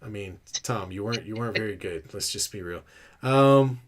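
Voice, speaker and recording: A man from California co-hosts a casual sports talk podcast, ranting animatedly with frequent restarts and laughs. He has a lowish voice and speaks at a moderate pace.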